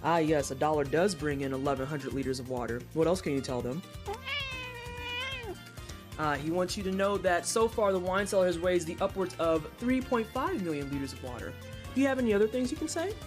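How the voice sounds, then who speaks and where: A woman's voice: sits low, animated, music in the background. A woman live-streaming a game, and her voice swings widely up and down as she reacts. She trash-talks her opponents playfully, swears at every setback and keeps up casual running commentary. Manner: loud, playful trash talk; quick reactions, frequent swearing.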